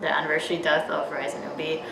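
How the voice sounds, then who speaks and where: A woman hosting a reaction video, talking in a halting, emotional way with many fillers. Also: low-pitched, completely flat delivery, gravelly, a bit bright, roomy sound, slight background noise, low-quality recording. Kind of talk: casual emotional chat.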